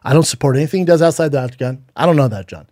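A man's voice: on the high side, animated, rapid-fire, mellow, no echo. Blunt, teasing man with a dry sound. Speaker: podcast co-host, former fighter. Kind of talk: casual chat. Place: podcast studio.

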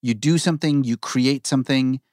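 A man's voice: medium pitch, normal speed, darkish tone, dry recording, studio quality. A man hosting a podcast, asking thoughtful, probing questions in a casual way. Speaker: podcast host, writer.

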